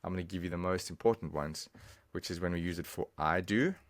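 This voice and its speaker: Man, deep voice, dry close sound, casual chatty teacher, talks to viewer. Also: fairly quick, dry recording. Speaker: language teacher. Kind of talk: online language lesson.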